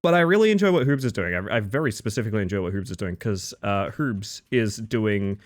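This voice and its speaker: A man's voice: lowish voice, animated, brisk. A man streaming live, chatting casually and greeting his chat one by one with playful, jokey asides.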